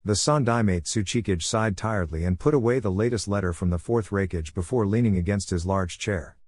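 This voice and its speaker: A man narrating fan fiction in a steady, plain storytelling manner. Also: lowish voice, a little fast, no room sound, clean studio sound. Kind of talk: fan fiction read-aloud.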